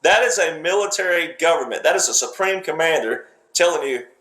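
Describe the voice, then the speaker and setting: Man, fairly high voice, emphatic, repetitive, lecturing commentary, reverberant room. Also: lively intonation, brisk, a bit bright. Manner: emphatic, repetitive, speaks in fragments. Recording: roomy echo.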